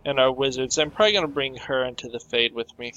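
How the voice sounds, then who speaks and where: A man casually commenting on his own playthrough of a video game, offhand and relaxed. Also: medium pitch, quick pace, muffled recording. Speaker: gamer. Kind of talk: let's play commentary. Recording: voice over game audio with faint music.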